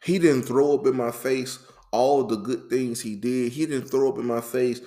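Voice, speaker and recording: A man co-hosting a faith talk, telling his story in a lively, repetitive, conversational way full of slang. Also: medium pitch, normal speed. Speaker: faith podcast co-host.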